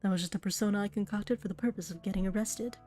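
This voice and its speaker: A woman voicing a sly male bird investigator who poses as a prince, with a smooth, evasive manner. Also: medium pitch, racing, dark tone, soft background music, close to an everyday voice. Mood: scheming.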